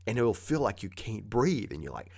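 A man's voice: on the low side, big pitch swings, a little fast, gravelly, a little mellow, husky. A man giving a conversational motivational talk, coaching with plain repeated advice.

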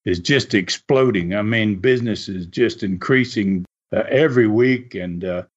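This podcast host has a lowish, slightly breathy voice and tells a casual story at a moderate, easy pace. His telling wanders and is packed with "uh" fillers, all captured in dull lo-fi sound.

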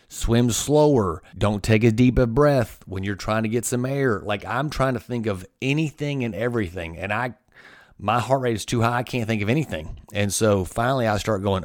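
A man's voice: lowish voice, a little fast, no echo, studio quality. A man hosting a motivational podcast, telling a personal story in an earnest, emphatic way and repeating phrases for emphasis.

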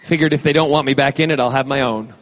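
A man from Scotland answers fan questions as a celebrity panel guest, in an ordinary middle-pitched voice. He is playful and jokey, often restarting sentences with fillers. The talk is loose and conversational. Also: fast talker, a bit bright, slight background noise. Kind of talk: casual audience Q&A.

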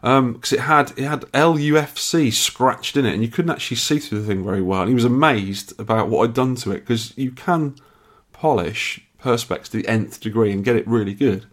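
A man's voice: mid-range voice, a little fast. Chatty, tired podcast man. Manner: chatty, rambling storyteller with restarts. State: tired and yawning. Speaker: podcast co-host. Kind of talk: casual chat.

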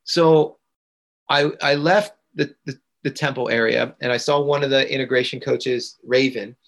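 This integration coach has a gravelly, medium-pitched voice with fairly even intonation and a moderate pace. As a podcast guest, he earnestly recounts a personal story, leaning on repeated phrases for emphasis.

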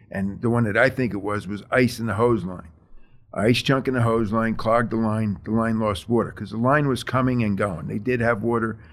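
A middle-aged man, a firefighter, telling the story of a fire in an interview in a plain, measured way with many fillers. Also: on the low side.

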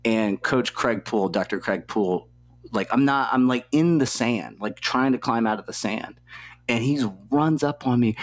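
A man's voice: medium pitch, moderate pace. A young man, an athlete guest in an interview, telling a story in a casual, rambling way, swearing freely and leaning on filler words. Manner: profane, loose, heavy on filler words.

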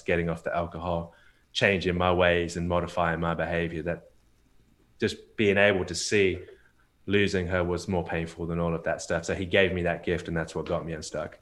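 Deep-voiced man telling a frank story. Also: little pitch movement, normal speed. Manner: frank, repeats words and restarts often. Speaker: podcast guest, marriage coach. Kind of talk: candid personal storytelling.

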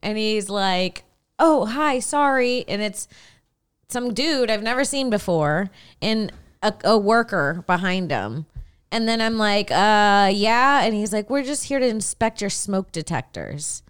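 A woman's voice: mid-range voice, lively intonation, unhurried, clear, resonant tone. A woman chatting casually as a podcast co-host, telling stories crudely and acting out the dialogue, laughing often. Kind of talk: casual chat.

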